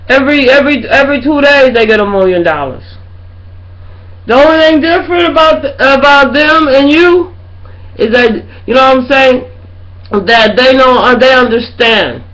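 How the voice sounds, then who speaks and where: A woman's voice: on the high side, a bit bright, poor audio. A middle-aged woman ranting to her webcam in a rambling, profane way, often asking if you know what she's saying. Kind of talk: casual rant to webcam.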